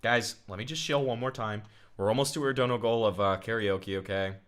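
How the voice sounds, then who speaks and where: A man with a low-pitched but bright, forceful voice, talking crudely and mockingly on a livestream. His commentary is loose and casual, full of sarcasm and swearing. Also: fairly quick. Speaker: streamer reacting to a clip.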